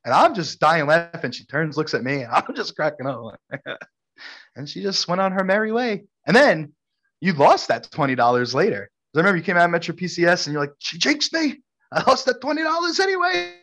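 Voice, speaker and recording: A man's voice: on the high side, a little fast, a bit bright. A man from Brooklyn co-hosting a podcast, telling a story between friends and laughing often. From Brooklyn, New York. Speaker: podcast co-host. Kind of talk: casual storytelling chat.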